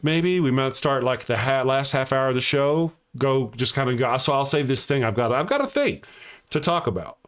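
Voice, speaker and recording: A man hosts a casual live-stream show in a medium-pitched, animated voice at normal speed. He rambles and jokes, often laughing at his own jokes and teasing viewers as he reads out their comments.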